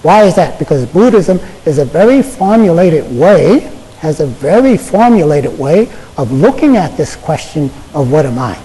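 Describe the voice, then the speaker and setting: An American man, a Buddhist monk, giving a casual Zen dharma talk to an audience, halting and full of fillers, often checking in with "okay?". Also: on the high side, big pitch swings, mellow, husky. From United States. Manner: halting, conversational, many fillers and repeated "okay?". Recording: echoey lecture hall.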